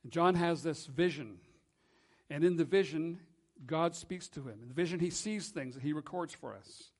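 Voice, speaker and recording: A man preaching a sermon as pastor in a church, earnest and measured, slowing and dropping soft for emphasis. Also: a little high.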